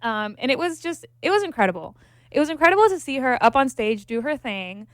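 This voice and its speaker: A young woman, gushing and excitable as she co-hosts a casual chat podcast. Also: high voice, brisk, dry recording, clean studio sound. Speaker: podcast co-host.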